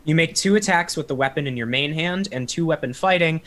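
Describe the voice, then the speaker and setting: A young man running a tabletop game as dungeon master, calmly narrating and answering rules questions. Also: fairly high pitch, a little fast. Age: young adult.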